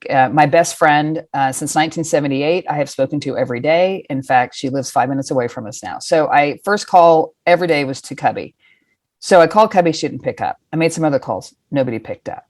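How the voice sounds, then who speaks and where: A middle-aged woman with a low voice tells a personal story in a casual, animated way. She acts out the scenes and swears freely. The sound is dry and close. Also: fairly quick, no room sound. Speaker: guest.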